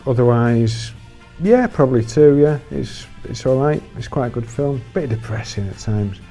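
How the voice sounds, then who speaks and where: A man's voice: medium pitch, expressive, normal speed, mellow, soft background music. A man giving his casual take on a film, chatty and full of questions. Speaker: film reviewer.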